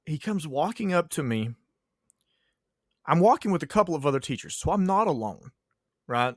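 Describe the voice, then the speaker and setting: A man's voice: fairly high pitch, big pitch swings, normal speed, long pauses, no echo, studio quality. A man co-hosting a casual podcast, telling teacher stories in a joking way and laughing often.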